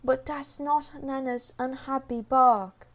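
A woman's voice: high-pitched, fairly even intonation, takes it slowly, pitched above the performer's own voice. A woman voicing a wise, earnest young girl in a storybook reading.

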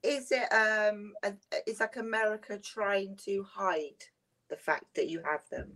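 A woman asking a question in halting, hesitant speech. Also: mid-range voice, steady tone, a bit bright.

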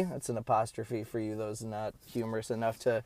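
A man's voice: fairly low pitch, little pitch movement, a little mellow, no room sound. A man hosting his own podcast alone, talking casually and rambling through lists of movies. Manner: rambling, chatty, lists titles with pauses. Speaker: podcast host. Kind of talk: casual solo podcast monologue.

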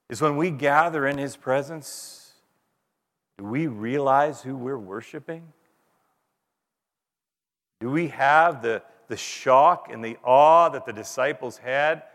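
Male pastor, 30s, conversational sermon with wry humor; mid-pitched, recorded in a reverberant sanctuary. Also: a bit bright. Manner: conversational, self-deprecating humor, dramatic pauses. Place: church sanctuary. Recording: long reverb of a large hall.

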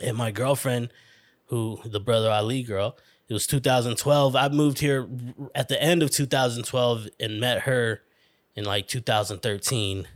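A man's voice: medium pitch, fairly even intonation, normal speed, dry recording, clean studio sound. A man hosting a casual podcast, rambling and swearing bluntly as he talks through documentaries. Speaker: podcast host.

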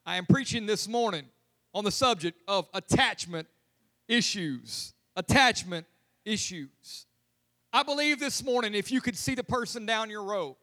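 In a church sanctuary, a pastor with a high-pitched, sharp-toned voice delivers a lively sermon. He keeps it humorous and conversational.

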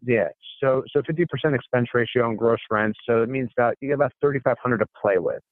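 A man's voice: mid-range voice, quick pace, dry recording. A man, a real estate investor appearing as a guest, telling a deal story in conversational style and quoting the people involved. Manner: recounts dialogue in quoted snippets, frequent restarts. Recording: phone-like narrow sound, dry.

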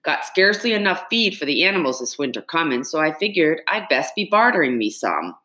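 A woman voicing a calm, folksy farmer father who talks in an easygoing way. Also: low-pitched, fairly quick, pitched above the performer's own voice, exaggerated voice. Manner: easygoing, folksy talk with stumbles. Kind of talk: audiobook character reading.

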